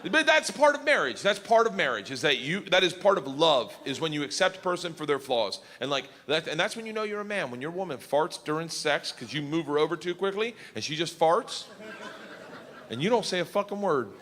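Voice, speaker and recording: A man performing a stand-up comedy routine on a live stage, telling crude stories loudly and excitably, often jumping into high yelling bits. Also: a little fast, in a large hall. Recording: live stage recording with crowd laughter. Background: audience laughter and crowd noise.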